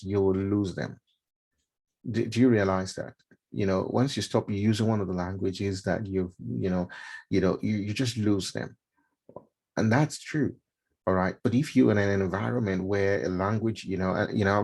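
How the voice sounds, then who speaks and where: A man's voice: sits low, vocal fry, a little mellow, husky. A middle-aged man from Nigeria giving a casual mentorship talk, chatty and full of fillers and repeated words. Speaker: mentorship speaker. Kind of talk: casual talk to a live stream audience.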